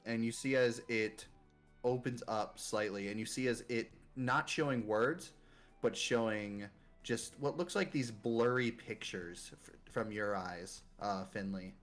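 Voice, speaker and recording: A man narrating as game master of a tabletop game, laid-back and halting. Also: medium pitch, fairly bright tone, soft background music.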